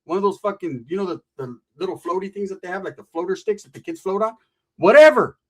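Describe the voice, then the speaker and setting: A man's voice: high-pitched, lively intonation, quick pace. A man telling a rowdy story in casual, profane, slang-heavy talk on a podcast. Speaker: podcast host.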